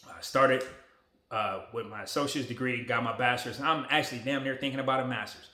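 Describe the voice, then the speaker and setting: Bright-voiced man in his forties. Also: medium pitch, fast talker, roomy sound. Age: 40s. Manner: relaxed, emotional, motivational. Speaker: vlogger. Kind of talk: casual talk to camera. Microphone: phone camera.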